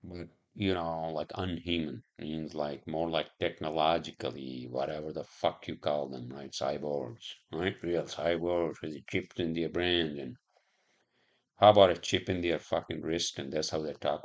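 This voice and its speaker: Deep gravelly man musing aloud. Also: steady tone, normal speed, muffled recording. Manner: profane, musing aloud with frequent fillers. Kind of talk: casual rambling monologue.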